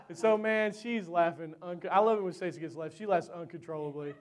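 Man, high voice, preacher, chatty animated storytelling, sermon. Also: a little fast, hardly any pauses.

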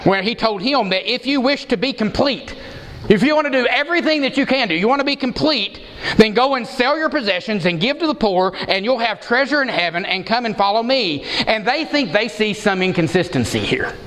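A man's voice: very high voice, expressive, fairly quick, a bit bright, long reverb tail, low-quality recording. A man preaching an expository sermon, emphatic and given to repeating words for stress.

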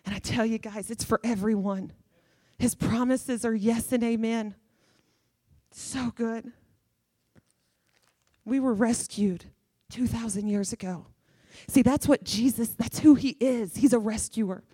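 Fervent woman preacher, slightly high voice. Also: a little slow, pauses often, dark tone, husky, no echo, clean studio sound. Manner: fervent, emphatic, repeats phrases for effect. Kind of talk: sermon.

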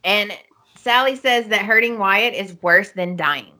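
A woman co-hosting a podcast, retelling a soap opera's plot at length in an animated, casual way. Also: mid-range voice, measured pace. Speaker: podcast co-host.

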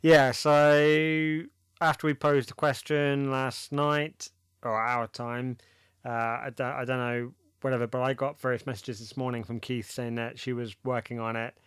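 Smooth-voiced man hosting a podcast. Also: mid-range voice, flat delivery, unhurried, a bit bright, no echo, studio quality. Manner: rambling, many fillers and likes. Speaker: podcast host. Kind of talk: casual chat.

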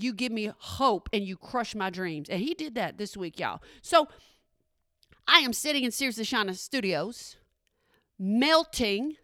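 A woman radio host telling a comedic story from her studio, animated and talking straight to her listeners. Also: a little high, no echo. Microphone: studio microphone.

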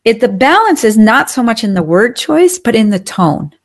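A woman's voice: fairly high pitch, sing-song, moderate pace. A woman, a leadership trainer and coach, explaining her ideas as an interview guest in a confident, upbeat way.

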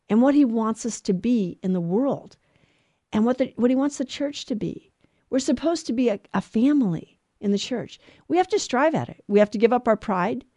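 A woman's voice: fairly high pitch, warm tone, dry recording, clean studio sound. A middle-aged woman giving an earnest religious teaching talk on family life, stressing points by repeating words. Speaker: Catholic speaker on family life.

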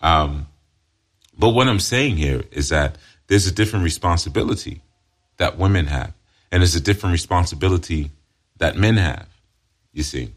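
A man's voice: deep voice, lively intonation, normal speed, long pauses. A man teaching as a spiritual counselor in an emphatic monologue, often repeating himself and adding "you see".

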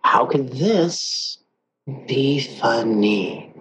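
A man teaching a guided meditation lesson, calm and playful, with drawn-out pauses. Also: mid-range voice, a little hiss or hum, low-quality recording.

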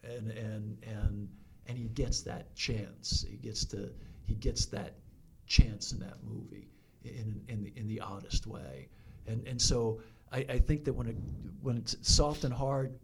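Reflective fire chief, halting speech. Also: male voice, on the low side, steady tone, noisy background. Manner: reflective, halting, with many restarts. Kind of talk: casual podcast conversation.

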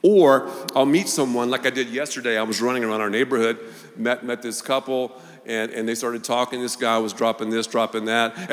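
A male pastor preaching a sermon, telling stories with lively acted-out voices. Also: mid-range voice, a little fast. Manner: animated storytelling, acting out voices. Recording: long reverb of a large hall.

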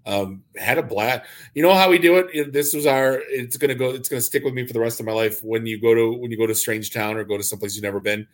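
Male podcast host, mid-pitched voice, quick with jokes and lively anecdotes. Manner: jokey, animated storyteller. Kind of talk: casual chat.

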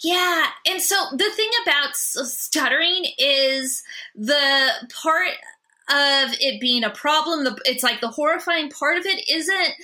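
A woman's voice: high voice, measured pace, pushed and bright. A woman guest in an interview, talking openly and with animation while she stutters on repeated sounds. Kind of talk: interview conversation.

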